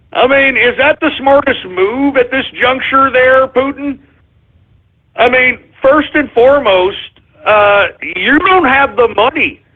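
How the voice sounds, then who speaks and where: A man's voice: extremely high pitch, breathy edge. A male talk radio host ranting about politics in a profane, sarcastic, combative way. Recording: phone-like lo-fi radio audio.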